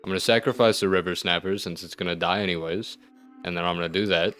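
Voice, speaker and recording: Male gamer host, deep voice, casual play-by-play with wry asides. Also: fast talker, soft background music. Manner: thinks aloud, wry asides, sudden excited outbursts. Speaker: gaming video host. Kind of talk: let's-play commentary.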